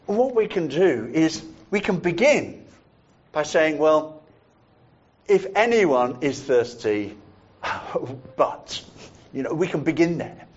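A man preaching a sermon in a measured, reflective way, repeating phrases for emphasis. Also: fairly high pitch, big pitch swings, husky, muffled recording.

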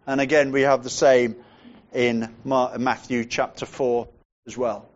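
A man preaching a sermon in a measured way, dropping to a hushed voice to stress points. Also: medium pitch, steady tone, lo-fi sound.

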